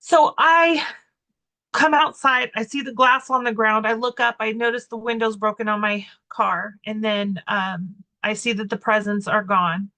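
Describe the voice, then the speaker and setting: Bright-voiced woman podcast co-host. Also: fairly high pitch, fairly even intonation, measured pace. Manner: rambling, full of "like" fillers and restarts; candid and self-mocking. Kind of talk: casual storytelling chat.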